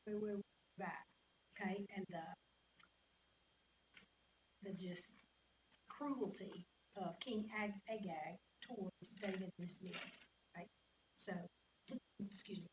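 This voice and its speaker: Woman teaching a Bible class. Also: mid-range voice. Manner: conversational, asks the class questions, reads scripture aloud. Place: church classroom. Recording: echoey room, mic at a distance, faint hiss.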